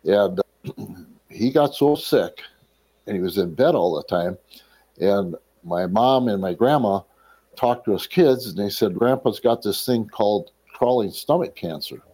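Mellow-voiced man telling his life story. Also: fairly low pitch, measured pace. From Wisconsin, USA. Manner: animated storyteller who acts out quoted people and often clears his throat. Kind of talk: personal testimony storytelling.

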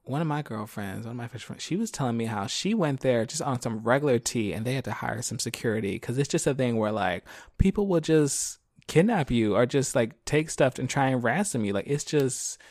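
A man in his thirties co-hosting a podcast, chatting casually with gossipy, animated talk and frequent swearing. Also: mid-range voice, a little fast, hardly any pauses, no room sound, clean studio sound. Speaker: podcast co-host. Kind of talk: casual chat.

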